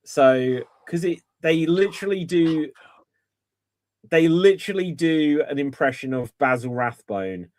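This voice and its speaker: A man co-hosting a casual chat, laying out his opinions in a measured, reasoning way. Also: on the high side, lively intonation, a little mellow. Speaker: podcast co-host.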